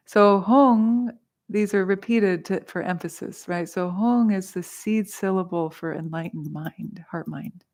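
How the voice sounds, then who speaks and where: A woman's voice: medium pitch, measured pace. A middle-aged woman leading a mantra class, explaining with casual humor and easy laughter. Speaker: meditation teacher. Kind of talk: guided mantra teaching. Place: studio.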